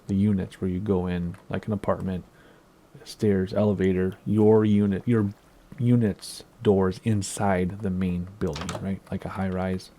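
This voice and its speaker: An American man giving a relaxed, rambling tour of his game build, with plenty of ums and asides. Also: low-pitched, slight background noise. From United States. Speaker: Minecraft video creator. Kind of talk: casual gameplay tour commentary.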